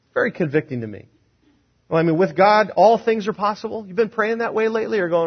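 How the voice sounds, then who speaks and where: Husky-voiced man preaching a sermon. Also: high-pitched, animated, quick pace, dull audio. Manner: preaching with rhetorical questions, acting out quotes. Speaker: pastor.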